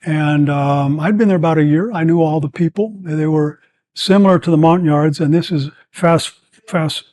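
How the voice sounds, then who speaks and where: An older man in his seventies tells long stories as a podcast guest. He rambles with plenty of fillers but stays animated, in a voice that sits a bit high for a man. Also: moderate pace. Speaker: guest, former combat medic. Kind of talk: storytelling in a podcast interview.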